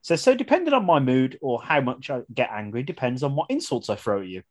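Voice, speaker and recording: Lively man hosting a podcast. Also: medium pitch, fast talker. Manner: lively, laughs often while reading out lines. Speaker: podcast host. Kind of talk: casual podcast chat, reading listener submissions.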